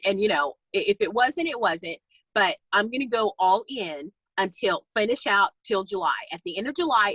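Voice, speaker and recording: A woman on a team call, telling a personal faith story in a chatty, animated way and acting out the voices in her anecdotes. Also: medium pitch, no room sound, low-quality recording. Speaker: guest speaker on a team call. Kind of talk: personal testimony, casual storytelling. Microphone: call recording.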